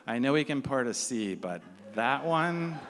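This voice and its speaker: A man's voice: medium pitch, expressive, measured pace, fairly bright tone. A man tells a story live to an audience. His voice sits in a middle range, and he talks in a chatty way, acting out the lines of the people he describes. The sound carries a long reverb from a large hall. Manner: conversational, acts out quoted dialogue.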